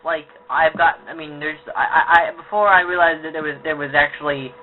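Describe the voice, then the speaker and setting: A man's voice: a little high, fairly even intonation, brisk, slight background noise. A man hosting a podcast in casual chat, rambling with many restarts. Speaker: podcast host. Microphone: audio podcast. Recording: tinny lo-fi phone-like sound.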